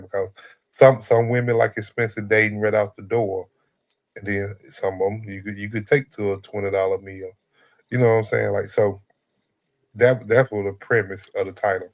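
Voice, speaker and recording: Rambling low-voiced man podcast host. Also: little pitch movement. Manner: rambling, halting, full of fillers and repeats. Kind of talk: casual conversational chat.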